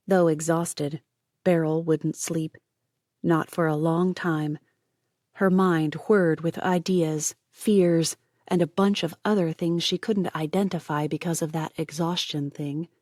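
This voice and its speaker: A woman narrates an audiobook in a steady, measured manner, her voice sitting on the lower side. She is close to the mic, and the sound is dry, with no room echo. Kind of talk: scripted narration.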